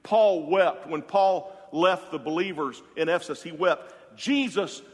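Man, preaching, impassioned, slightly high voice, echoing church hall. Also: measured pace. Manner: impassioned preaching, swinging from loud to hushed. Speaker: pastor. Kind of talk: sermon. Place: church sanctuary. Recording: long hall reverb.

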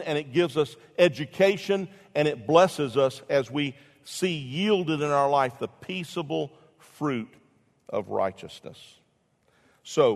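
Man, pastor, sermon, lively storyteller, middle pitch, echoing church hall. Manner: storytelling with lively swings from loud to hushed.

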